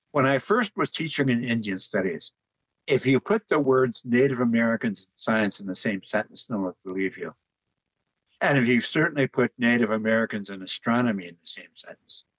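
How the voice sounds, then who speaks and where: Older man, husky, unhurried anecdotal interview guest. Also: mid-range voice, poor audio. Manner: relaxed anecdotal, chuckles at his own jokes. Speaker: author and artist guest. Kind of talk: conversational interview storytelling.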